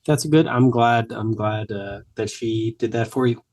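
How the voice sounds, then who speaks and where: A man's voice: medium pitch, a little slow, darkish tone. A man co-hosting a podcast, joking and bantering playfully. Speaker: podcast co-host. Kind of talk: casual chat.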